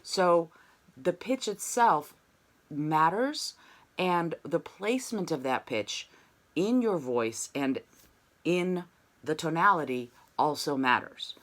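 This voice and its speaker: Woman, voice teacher, bright clear tone, video-call lesson, sings little demos between explanations. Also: low voice, animated, takes it slowly. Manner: demonstrates sung syllables between explanations. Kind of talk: online singing lesson.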